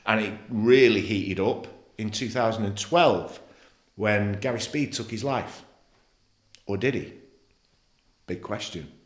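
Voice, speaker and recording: A middle-aged former footballer from England talks slowly at a fairly low pitch, pausing often. As a podcast guest he shares his personal story in a blunt, emotional way, with free swearing, and the studio sounds echoey.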